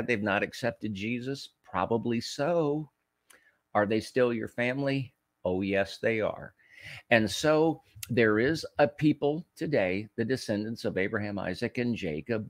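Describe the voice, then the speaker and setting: A man hosting a talk program, reading scripture and preaching commentary in an emphatic way, often restarting and repeating words and slowing down to stress key phrases. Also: on the low side, dry recording, clean studio sound. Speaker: host of a political talk show.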